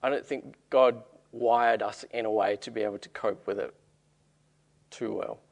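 A man's voice: fairly low pitch, fairly even intonation, normal speed, gravelly. A man preaching a sermon as pastor, reading scripture verses aloud and then explaining them in plain everyday talk.

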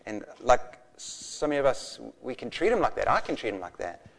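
A man in his forties preaching a sermon, passionate and animated, telling stories with bursts of laughter. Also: medium pitch, normal speed, vocal fry. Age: 40s. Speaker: pastor.

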